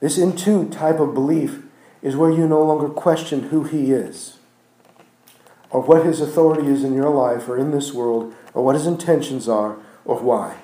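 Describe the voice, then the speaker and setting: A man preaching a sermon in a church. He builds phrases with repetitions and restarts, and swings from loud emphatic peaks down to near-hushed passages. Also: on the high side. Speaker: pastor. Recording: echoey room.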